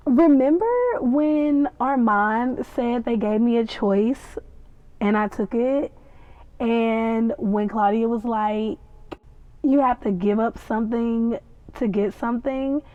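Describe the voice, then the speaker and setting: A woman's voice: fairly high pitch, dry recording, highs cut off. A young woman hosting a podcast, casually and animatedly retelling a TV episode and acting out the characters' lines. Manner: animated, gossipy retelling with acted-out quotes. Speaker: podcast host reviewing a TV episode. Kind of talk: casual chat.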